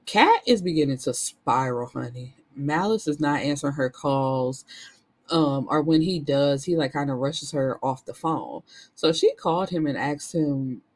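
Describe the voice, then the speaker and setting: A woman's voice: sits low, animated, measured pace, darkish tone. A woman recaps a novel in a loose, chatty way, dropping frank asides as she goes. She speaks as a book reviewer addressing her viewers. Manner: candid, chatty, blunt asides.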